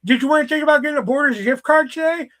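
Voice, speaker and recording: A man's voice: very high-pitched, moderate pace, a bit bright, pitched above the performer's own voice. A man doing an overly polite male store clerk in an odd, hard-to-place accent. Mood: eager. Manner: sing-song, exaggerated customer-service politeness.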